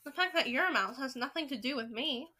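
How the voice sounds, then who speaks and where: A woman voicing a loudmouthed spoiled boy who has been turned into a mouse, indignant and shouty, in a storybook reading. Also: high-pitched, expressive, a little fast, full character voice.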